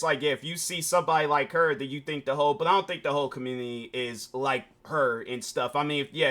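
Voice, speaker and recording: A man's voice: mid-range voice, bright, forceful tone. A man chatting casually on a reaction stream, rambling with many fillers. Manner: rambling, filler-heavy talk. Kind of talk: casual chat.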